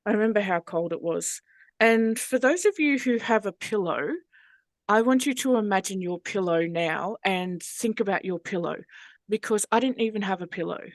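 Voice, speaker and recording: An Australian woman, a hypnosis trainer, telling her personal story as a podcast guest in a frank, earthy, animated way. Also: medium pitch, normal speed, no echo.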